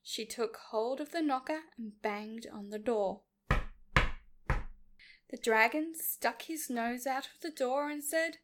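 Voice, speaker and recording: A woman reading a children's story aloud, narrating calmly and clearly. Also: a little high, slow.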